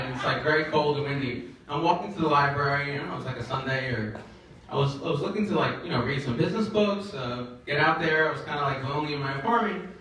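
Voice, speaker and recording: A young man doing a stand-up comedy set, telling stories in a rambling, halting way full of fillers, with an audience laughing. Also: medium pitch, fairly bright tone. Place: comedy event in a shared office space. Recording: echoey room from far off, audience laughter.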